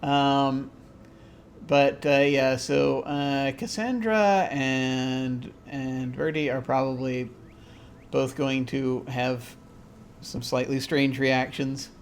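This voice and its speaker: A man acting as game master, narrating a tabletop role-playing game in a halting, rambling way with many fillers. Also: medium pitch, slight background noise.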